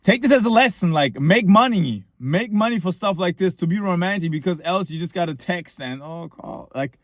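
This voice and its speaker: A man's voice: high-pitched, expressive, moderate pace, no room sound, studio quality. A young man telling a personal story in a casual, rambling monologue, full of fillers and short laughs.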